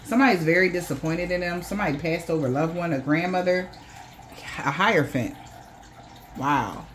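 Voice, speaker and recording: Speaking a little fast in a fairly low voice, a woman does a casual, profane tarot reading and acts out the voices of those she describes. Slight background noise is present.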